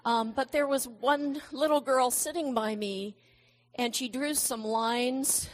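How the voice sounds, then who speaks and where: A middle-aged woman preaching a sermon at an unhurried pace. Her voice sits a little high, and she speaks gently and reflectively, slipping into warm personal stories.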